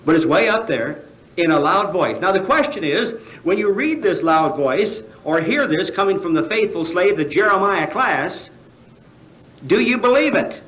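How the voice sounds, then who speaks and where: A man's voice: high voice, expressive, normal speed, fairly bright tone. American man preaching in an echoey hall. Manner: rhetorical questions, hesitant fillers. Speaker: convention speaker. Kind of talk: sermon. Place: large convention hall.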